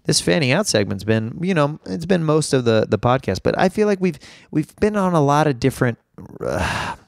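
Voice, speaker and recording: A hoarse young man hosts a solo comedy podcast, rambling and poking fun at himself. His voice swings lively up and down over a gravelly rasp, in a dry, close sound. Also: on the high side, moderate pace, no room sound. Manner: rambling, jokey and self-deprecating. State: hoarse with laryngitis. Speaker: podcast host.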